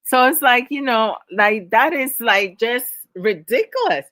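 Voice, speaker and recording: A middle-aged woman, her voice a little high, animated and fairly bright, speaks unhurriedly to viewers on her live discussion stream. She lectures them casually, exasperated and laughing often, in an echo-free recording.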